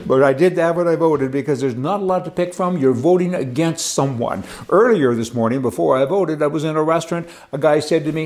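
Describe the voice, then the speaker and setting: A man's voice: fairly high pitch, fairly quick, hardly any pauses, a little mellow. A man giving rambling, sarcastic political commentary in a folksy vlog. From Canada.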